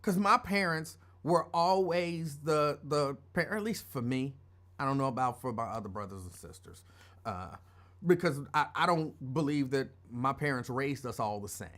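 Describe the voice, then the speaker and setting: A man's voice: medium pitch, expressive, moderate pace, a bit bright. A middle-aged man hosting a show, telling a personal story in a casual, rambling way that drifts off topic. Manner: rambling, digressive, conversational. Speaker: radio show host.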